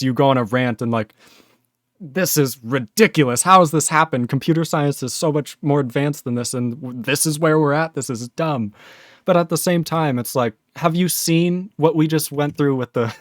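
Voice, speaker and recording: A man hosting a programming livestream, chatting casually and excitably, rambling with quick laughs. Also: mid-range voice, dry recording, clean studio sound. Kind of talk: casual livestream chat while coding.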